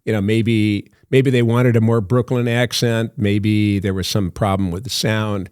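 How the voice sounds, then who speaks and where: A man's voice: lowish voice, steady tone, unhurried, darkish tone, clear, resonant tone, dry recording, studio quality. An older man, an actor guest on a podcast, telling long anecdotes full of fillers and laughs. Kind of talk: storytelling in a podcast interview.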